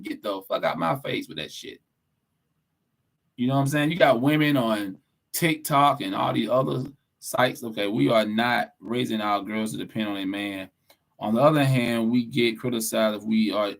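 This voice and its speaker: A man's voice: medium pitch, vocal fry. Blunt, preachy podcast co-host man. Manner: blunt, preachy, profane, emphatic. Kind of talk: casual opinionated podcast talk.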